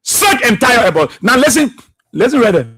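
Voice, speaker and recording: A man's voice: extremely high pitch, very animated, normal speed. A man hosting a political radio talk show, impassioned and repetitive, firing rhetorical questions and laughing often.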